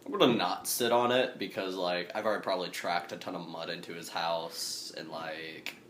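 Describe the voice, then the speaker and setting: A man's voice: deep voice, fairly even intonation, normal speed, a bit bright, a little hiss or hum. A man playing a tabletop game in casual chat, joking, swearing and laughing often. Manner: laughs a lot, swears, jokey. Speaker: player.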